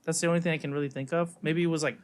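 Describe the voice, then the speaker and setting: Thirties guy on a podcast, lively, acts out what people said, kinda high pitched. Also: very fast, slight background noise. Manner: animated, acts out quoted voices. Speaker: podcast co-host. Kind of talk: casual chat.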